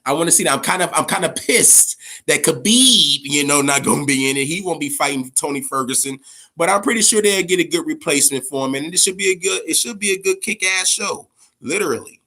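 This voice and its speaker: A man hosting a boxing talk show, ranting in a profane, casual way, stammering and swinging between a low grumble and loud outbursts. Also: expressive, a little fast. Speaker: boxing podcast host.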